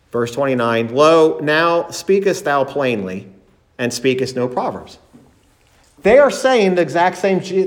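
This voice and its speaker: A man preaching a sermon as pastor, emphatic, acting out the disciples' words in a raised voice. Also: fairly high pitch.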